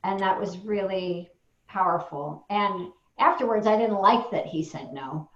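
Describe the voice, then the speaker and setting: A woman's voice: mid-range voice, measured pace, a bit bright, muffled recording. Candid rambling woman on a roomy call. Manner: candid, rambling, self-deprecating, with many fillers. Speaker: training participant and parent. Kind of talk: candid sharing in a group call.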